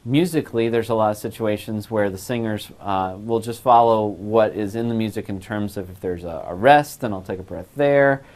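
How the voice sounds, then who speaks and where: In a recorded music lesson, a man with a lowish, darkish voice teaches a voice class at normal speed, hardly pausing. He explains phrasing clearly and breaks into short sung demonstration phrases.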